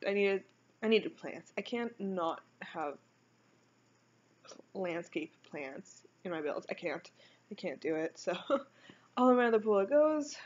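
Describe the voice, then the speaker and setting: A woman's voice: medium pitch, a little mellow. Chatty young woman on a dull mic. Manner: rambling, chatty, self-correcting. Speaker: game build narrator. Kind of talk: casual voice-over commentary.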